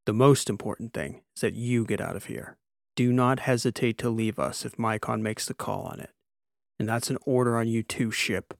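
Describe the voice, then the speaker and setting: A sardonic, commanding squad leader in a sci-fi audiobook, read by a male narrator, giving orders in a low, gravelly voice. The sound is close and dry. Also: normal speed, no room sound, close to an everyday voice. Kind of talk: audiobook character voice.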